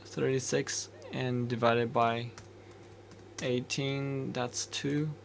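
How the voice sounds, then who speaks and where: Working through code on a screen recording, a man who is an embedded developer speaks slowly and hesitantly. He thinks out loud, pausing and starting over. A faint hiss accompanies his flat-pitched, gravelly voice.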